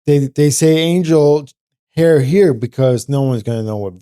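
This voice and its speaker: A man on a comedy podcast who talks in a halting, offbeat way during casual banter. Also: on the high side, dark tone, clear, resonant tone. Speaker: podcast co-host.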